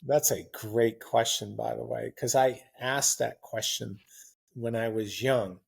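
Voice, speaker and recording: A man in his sixties chatting as a podcast guest, telling long rambling stories in a relaxed, anecdotal way. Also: mid-range voice, takes it slowly, gravelly, husky. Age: 60s. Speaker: guest marathon runner. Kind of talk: casual interview chat.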